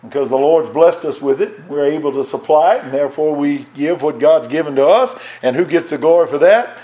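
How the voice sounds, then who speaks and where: A middle-aged man preaching a folksy sermon in a church, with restarts, rising in pitch and volume when he stresses a point. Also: fairly quick, warm tone, lo-fi sound. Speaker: pastor.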